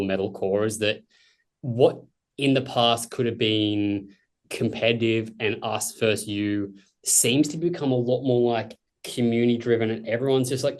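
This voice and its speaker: A man with an Australian accent hosting a casual interview, enthusiastic and swearing freely. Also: fairly low pitch. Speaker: podcast host.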